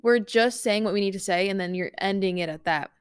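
Young woman just chatting to camera, lots of "like" and "you know", smooth clean voice, dry close sound. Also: medium pitch, brisk, no echo. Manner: chatty, animated, lots of fillers and quoted self-talk. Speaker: coach. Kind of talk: casual chat vlog.

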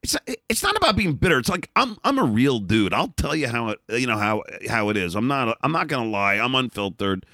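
Man, middle-aged, interview guest, blunt, lively pitch, bright tone, frequent restarts, dry sound. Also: a little fast, hardly any pauses, no echo. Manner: animated, blunt, many restarts and repeated words. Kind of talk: candid storytelling in a conversation.

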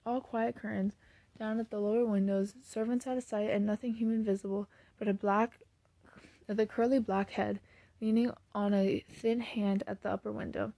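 A woman reading a classic novel aloud at a steady pace, now and then restarting a phrase. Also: medium pitch, normal speed, vocal fry, no room sound. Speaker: audiobook reader.

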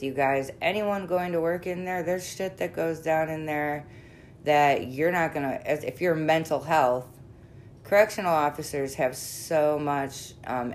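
Blunt, low-voiced woman therapist. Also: darkish tone, slight background noise. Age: middle-aged. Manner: blunt, frank, laughs easily, swears. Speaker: therapist working with sex offenders. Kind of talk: candid conversational interview.

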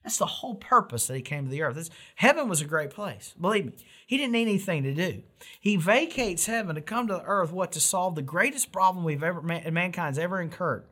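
A man's voice: a little high, a bit bright. A middle-aged man preaching a sermon in an earnest, emphatic way, with rhetorical questions and frequent restarts. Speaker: pastor.

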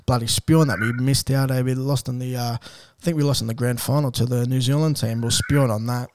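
A man with an Australian accent hosting a casual podcast chat, matey and quick to laugh. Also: medium pitch, steady tone, slight background noise. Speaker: podcast host.

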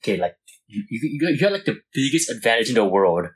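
Husky young guy chatting loosely. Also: mid-range voice, big pitch swings, fast, low-quality recording. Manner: rambling, lots of fillers and laughs. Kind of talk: casual chat.

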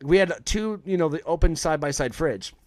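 A man's voice: fairly high pitch, lively intonation, brisk, no echo, clean studio sound. A man, a chef and podcast host, telling a long story as an interview guest, swearing freely and acting out the people he quotes.

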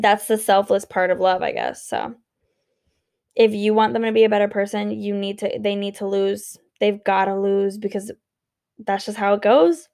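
A woman's voice: mid-range voice, gravelly, a little mellow. A sleepy woman giving casual relationship advice in a blunt, profane, emphatic way, yawning between points. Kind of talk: casual unscripted advice monologue.

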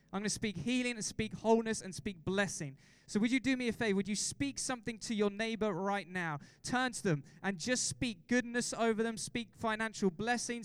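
High, clear-voiced excitable male pastor. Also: no echo. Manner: excitable, exhorting congregation with repeated questions. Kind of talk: sermon.

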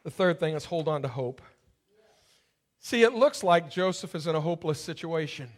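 A man's voice: fairly high pitch, expressive, moderate pace. A man preaching a sermon, telling a personal story and building to fervent preaching. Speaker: pastor.

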